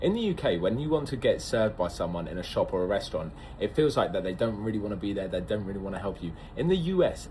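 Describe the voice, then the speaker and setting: A man's voice: on the low side, darkish tone, slight background noise, poor audio. Amazed British man telling travel stories. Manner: enthusiastic, amazed storytelling. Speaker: visitor. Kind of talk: casual travel vlog.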